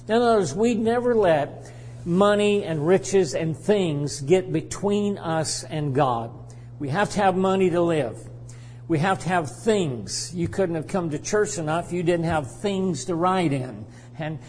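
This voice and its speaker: Slow, measured preaching man in a church. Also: on the high side, a little mellow, in a large hall, slight background noise. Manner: slow, deliberate preaching with repeated phrases. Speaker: pastor. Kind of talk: sermon.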